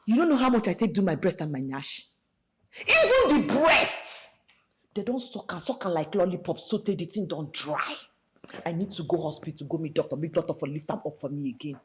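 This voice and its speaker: Taunting Nigerian young woman, sneering, lively delivery. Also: on the low side, a little fast. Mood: mocking. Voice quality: sneering, mixes English and Pidgin.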